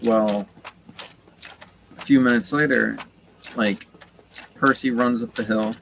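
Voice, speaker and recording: A man's voice: mid-range voice, fairly even intonation, takes it slowly, creaky, fairly bright tone, low-quality recording. A man casually retelling a story while playing a game, rambling with lots of fillers. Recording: noticeable background noise.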